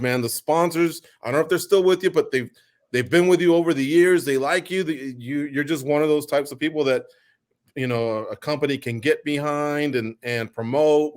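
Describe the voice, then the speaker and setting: A man hosting a radio show, asking long, winding questions in a chatty way and wrapping up the interview. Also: fairly high pitch.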